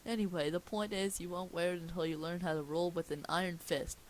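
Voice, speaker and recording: A woman's voice: lowish voice, fairly even intonation, quick pace, close to an everyday voice, rough recording. A woman reading the lines of a pompous, stern male sea king in a self-important voice.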